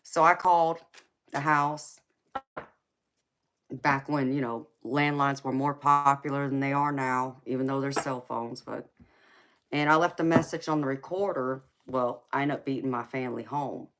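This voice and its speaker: A woman's voice: extremely low pitch, steady tone, normal speed, a bit bright. A woman with a Southern US accent, hosting a tarot reading live stream in a casual, folksy chat and calling her listeners baby, sweetheart and honey.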